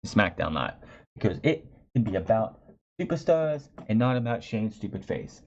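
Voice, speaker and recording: A man's voice: lowish voice, lively intonation, moderate pace. A man reviewing a wrestling show in a chatty, sarcastic way, often restarting his phrases. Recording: dull lo-fi recording.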